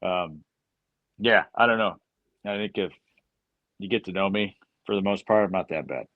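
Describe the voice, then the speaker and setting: Hesitant low-voiced American guest. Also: male voice, moderate pace, no echo, phone-quality sound. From United States. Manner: hesitant, self-deprecating, many fillers. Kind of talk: casual interview chat.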